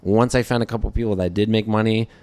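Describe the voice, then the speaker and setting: Man, podcast guest, fairly low voice, dry close sound, rambling casual talk. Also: fairly even intonation, quick pace, a little mellow, no echo. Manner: loose, rambling, many fillers. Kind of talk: casual interview chat.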